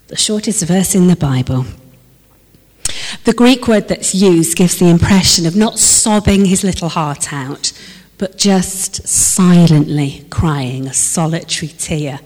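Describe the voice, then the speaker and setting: Reverberant, unhurried woman preaching a sermon. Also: fairly low pitch. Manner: expressive, moving between lively emphasis and hushed, slowed reflection. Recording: long reverb of a large hall.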